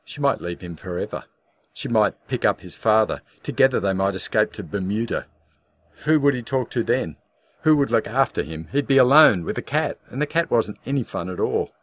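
A man in scripted audiobook narration with a measured, darkly wry storytelling manner. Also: lowish voice, expressive.

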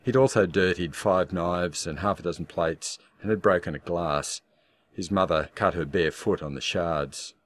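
A man in scripted audiobook narration with a measured, darkly wry storytelling manner. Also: deep voice.

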